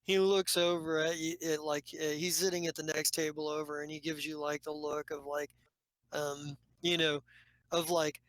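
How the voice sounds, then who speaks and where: A woman's voice: sits low, flat delivery, moderate pace, no echo, poor audio. Rambling woman game master. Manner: rambling, many fillers and restarts. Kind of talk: narrating a tabletop game.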